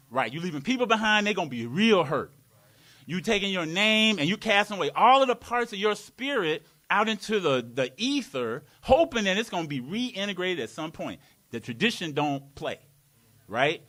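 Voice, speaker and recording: A man's voice: high voice, big pitch swings, moderate pace, pushed and bright. A man preaching a live sermon in a community worship hall, playful and laughing, with call-and-response.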